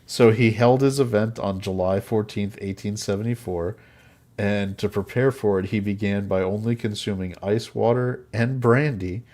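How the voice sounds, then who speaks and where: A man's voice: lowish voice, steady tone, moderate pace, darkish tone. A man hosting a podcast, telling a history story in casual chat and often laughing at his own jokes. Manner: laughs often, jokey asides. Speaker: podcast host.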